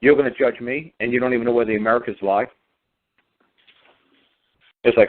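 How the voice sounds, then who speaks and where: A man's voice: mid-range voice, fairly even intonation, fairly quick, pauses often. A man talking in a casual radio conversation, emphatic and sarcastic, repeating his points over and over. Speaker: guest speaker on law. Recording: tinny phone line.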